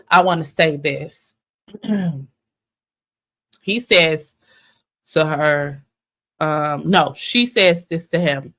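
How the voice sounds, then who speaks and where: Low-voiced woman hosting candid commentary. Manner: candid and animated, laughing, reading texts aloud and reacting. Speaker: commentary show host. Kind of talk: casual commentary on social media drama.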